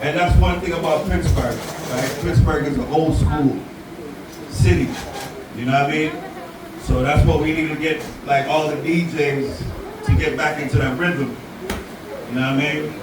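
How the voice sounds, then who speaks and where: A man from Jamaica, working as a reggae DJ and talking casually and warmly to a live crowd. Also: fairly high pitch, moderate pace, noisy background. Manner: friendly, crowd-engaging, relaxed. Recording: very echoey room, far from mic, loud crowd.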